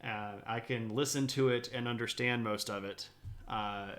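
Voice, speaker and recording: A man from the southeastern United States with a light Southern accent, giving a live-streamed history talk and chatting with viewers, with many pauses and fillers. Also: mid-range voice, fairly even intonation, fairly bright tone. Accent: light Southern American.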